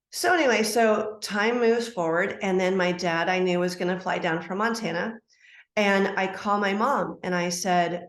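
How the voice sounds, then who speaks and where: A middle-aged woman, a life coach, telling a personal story as a podcast guest, animated and acting out quoted dialogue. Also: mid-range voice, moderate pace. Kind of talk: storytelling interview answer. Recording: roomy echo.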